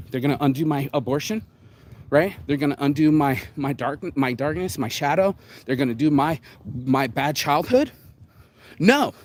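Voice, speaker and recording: Male host, solo rant, profane and blunt, fairly high voice with sudden pitch leaps. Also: darkish tone. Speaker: show host. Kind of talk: solo ranting monologue.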